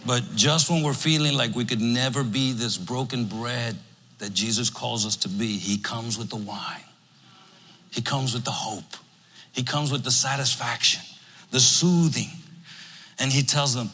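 A man preaching a sermon in a church, animated and emphatic, acting out what his listeners might say. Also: medium pitch, moderate pace. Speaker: pastor. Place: church sanctuary. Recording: long reverb of a church hall.

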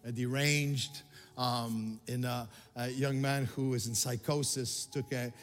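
An older man from Quebec preaching a sermon as a pastor, passionate and stammering, swinging from loud pleas to hushed storytelling. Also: mid-range voice, steady tone, takes it slowly, big-room sound, faint music behind.

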